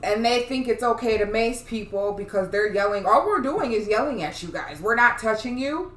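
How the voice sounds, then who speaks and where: A woman's voice: on the high side, animated, normal speed. A young woman co-hosting a casual podcast, talking emphatically and swearing. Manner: emphatic, sweary, talks over her co-host. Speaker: podcast co-host. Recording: echoey room with faint noise.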